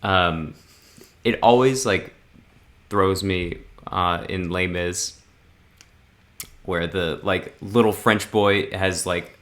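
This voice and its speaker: Deep-voiced laid-back man. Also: slow pace, pauses often, fairly bright tone. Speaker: podcast co-host. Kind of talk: casual chat about movies.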